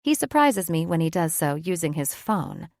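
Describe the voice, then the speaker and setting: A woman's voice: fairly low pitch, big pitch swings, moderate pace, a little mellow, no room sound. A woman reads a first-person audiobook in a reflective, conversational way, close to the mic. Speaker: audiobook narrator.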